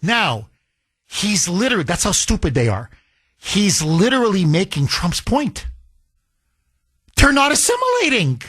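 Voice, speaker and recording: Combative high-voiced talk radio host. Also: male voice, huge pitch swings, unhurried, pauses often, a bit bright, husky. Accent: slight foreign accent. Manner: combative, incredulous, rhetorical questions. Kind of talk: opinionated talk radio monologue.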